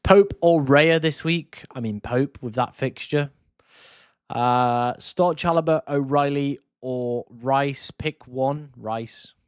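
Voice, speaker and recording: A man's voice: medium pitch, slow pace, clean tone, no echo, studio quality. A man, casually answering chat questions on a live stream. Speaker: fantasy football streamer.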